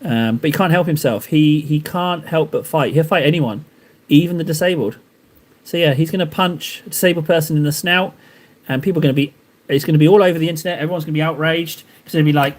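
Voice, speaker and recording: A man's voice: fairly high pitch, fast talker. A man chatting casually on a live stream while painting miniatures, rambling and joking at his own expense. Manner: rambling, joking, self-mocking.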